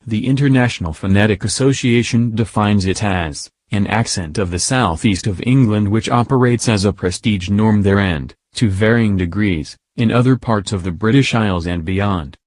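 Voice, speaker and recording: A man reading scripted news narration in a steady read-aloud delivery. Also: lowish voice, normal speed, few pauses, dry recording.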